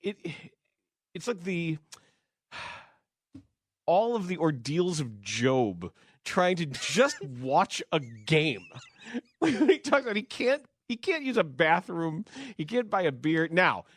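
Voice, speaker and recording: A man hosting a sports radio talk show, chatting in an animated way, laughing often and restarting his sentences. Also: fairly high pitch, slow pace, no room sound, clean studio sound.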